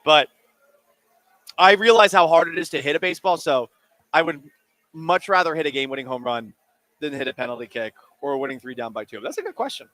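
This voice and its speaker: Man, 30s, sports talk host: animated, jokey, slightly high voice, dry close mic. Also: brisk, no room sound. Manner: animated, jokey, talks while eating. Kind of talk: casual call-in radio talk. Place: radio studio. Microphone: studio microphone.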